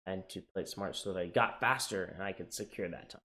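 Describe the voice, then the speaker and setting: A man's voice: sits low, quick pace. A young man telling his own story on a casual vlog, candid and emotional, swearing now and then and often restarting his sentences. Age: young adult. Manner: candid and emotional, swinging from quiet to excited. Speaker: navy sailor sharing his journey.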